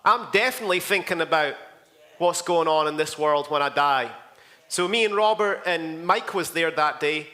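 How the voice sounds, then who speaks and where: A man's voice: fairly high pitch, normal speed, bright, forceful tone. A man with a Scottish accent, a pastor giving a rambling, jokey report on a church outreach, full of asides to the listeners.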